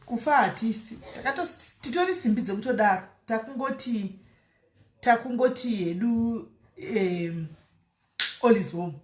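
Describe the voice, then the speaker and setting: Her voice sits a little high, with lively intonation and a moderate pace, in an echoey room. She's hosting a casual live stream, reading viewer comments aloud and chatting freely in a mix of Shona and English, laughing often.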